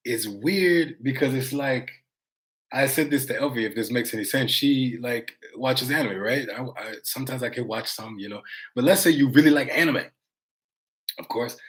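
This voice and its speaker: A man's voice: mid-range voice, fairly bright tone. Rambling American man chatting to viewers. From United States. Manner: rambling, conversational, casual swearing, addresses viewers as guys. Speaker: vlogger. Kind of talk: casual livestream chat, reading viewer comments.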